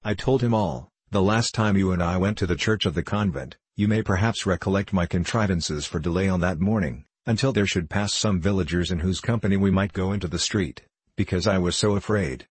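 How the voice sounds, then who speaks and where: A man reading Lucy, a gentle young bride. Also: deep voice, brisk, few pauses, slightly rough, no echo. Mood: pleading. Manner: gentle, pleading.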